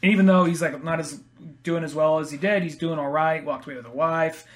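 A man's voice: on the high side, a little fast. A man co-hosting a casual movie talk, rambling and acting out quotes with casual swearing.

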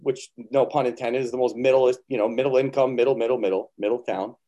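A man's voice: medium pitch, fairly even intonation, fast talker, warm tone, lo-fi sound. A man chatting as a podcast guest, telling loose stories full of swearing and acted-out quotes. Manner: storytelling, swears, acts out quotes. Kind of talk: casual chat.

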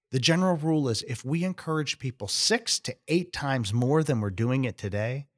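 A middle-aged man hosting a podcast, giving an earnest, emphatic motivational talk. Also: mid-range voice. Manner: earnest, emphatic, building up encouraging scenarios. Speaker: podcast host.

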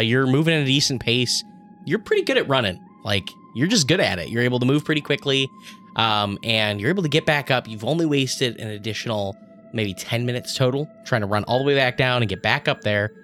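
A man narrating as dungeon master in a relaxed, rambling way with fillers. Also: medium pitch, a little fast, soft background music. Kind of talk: narrating a tabletop game.

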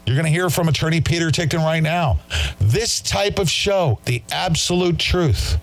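A man's voice: on the high side, normal speed. A male talk show host ranting in an emphatic, combative and sarcastic way.

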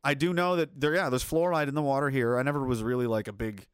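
A man's voice: mid-range voice, fairly even intonation, quick pace, clean tone, dry recording, studio quality. A man giving casual, rambling commentary as a streamer, swearing freely, chuckling often and restarting his sentences. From North America. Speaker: streamer reading chat.

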